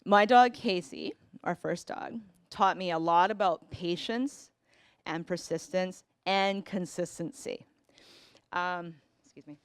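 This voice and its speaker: A woman's voice: fairly low pitch, slow, clear, resonant tone, dry recording, studio quality. A woman in her forties telling a personal family story, earnest and reflective, acting out bits of dialogue.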